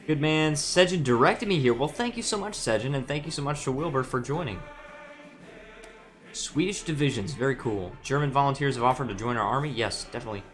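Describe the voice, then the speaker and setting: A man's voice: medium pitch, lively intonation, fairly quick, a bit bright, faint music behind. Man thinking aloud over a strategy game. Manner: musing aloud, hesitant, frequent restarts. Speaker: streamer. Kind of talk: casual game commentary reading chat.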